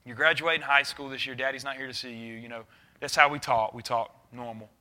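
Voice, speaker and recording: A man, a youth pastor preaching a sermon earnestly, swinging between loud urging and quiet intensity. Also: medium pitch, fairly even intonation, a little fast.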